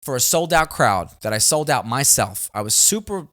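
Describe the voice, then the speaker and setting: A man, a comedian and host, chatting casually and acting out his relatives in animated stories. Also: medium pitch, normal speed. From New York area. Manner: animated storytelling, acts out family members. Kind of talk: casual chat.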